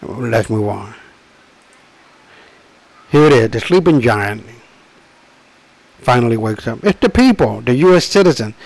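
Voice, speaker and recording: A man presenting his own book in a rambling monologue, emphatic and profane, often slowing to drag out his words, with frequent restarts and asides. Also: mid-range voice, expressive, vocal fry, a little mellow, low-quality recording. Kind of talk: rambling direct-to-camera monologue.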